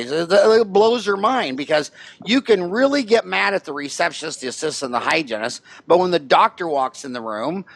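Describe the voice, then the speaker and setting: High-voiced man hosting, joking and blunt. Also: animated, a little fast, gravelly, a bit bright, no echo. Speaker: podcast host. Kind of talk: casual interview chat. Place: Scottsdale.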